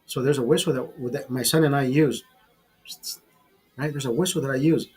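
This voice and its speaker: A middle-aged man telling rambling, profanity-laced stories in a casual vlog, pausing and restarting as he talks. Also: mid-range voice, breathy edge, faint music behind, poor audio. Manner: profane, rambling, animated storyteller. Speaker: vlogger. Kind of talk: casual storytelling over a beer.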